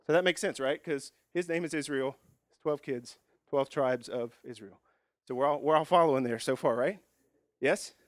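A man's voice: medium pitch, moderate pace, no echo, studio quality. A man preaching a sermon, praying and then teaching at a whiteboard in a folksy, joking way. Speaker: pastor.

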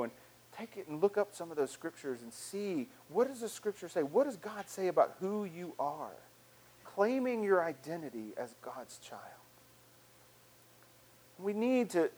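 A man preaching a sermon in a church with a fairly high, lively voice. He is conversational and animated, and his volume swings from loud to soft. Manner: animated and conversational, with acted-out quotes and big swings in loudness. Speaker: pastor. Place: church sanctuary.

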